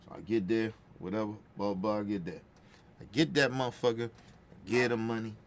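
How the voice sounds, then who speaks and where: A man's voice: on the low side, fairly even intonation, brisk, slight background noise. A man telling a casual, profane family story, checking in with the listener by often asking "right?". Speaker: podcast host.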